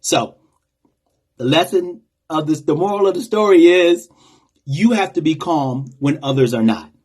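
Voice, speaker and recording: A man vlogger telling a personal story in a casual, animated, conversational way. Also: fairly high pitch, measured pace, slightly rough.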